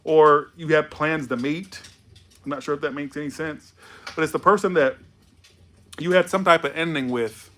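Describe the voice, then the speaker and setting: A man's voice: fairly high pitch, normal speed, a bit bright. A tipsy man doing a loose, rambling, playful tarot reading. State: tipsy from alcohol. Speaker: tarot reader.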